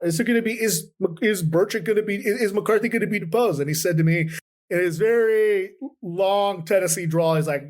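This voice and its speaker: A man who is a political reporter, telling stories from the Capitol in a conversational interview, animated and full of restarts. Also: high voice, brisk. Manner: animated, quotes people in lively voices, many restarts.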